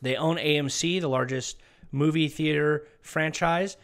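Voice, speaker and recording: A man with a fairly high voice gives an emphatic political commentary. He speaks in a loose, repetitive way and keeps adding "okay" as a check-in. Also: fairly even intonation, measured pace, fairly bright tone. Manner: emphatic, repeats "okay" as a tag. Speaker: online commentator.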